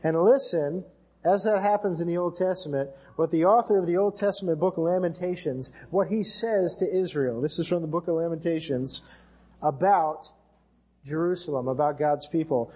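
Earnest American male preacher, husky voice. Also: fairly high pitch, normal speed, mellow. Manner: earnest preaching, rising for scripture readings. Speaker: pastor. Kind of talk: sermon.

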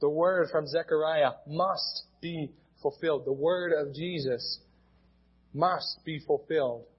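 A man's voice: on the high side, slow, breathy edge, lo-fi sound. A male pastor with an American accent, preaching a sermon in a plain teaching tone and often restarting his words.

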